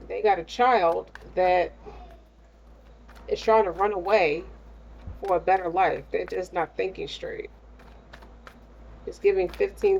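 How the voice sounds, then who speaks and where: A woman's voice: on the low side, darkish tone, dull audio, a little hiss or hum. A woman giving a casual tarot reading in a blunt, slangy, streetwise way. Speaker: tarot reader.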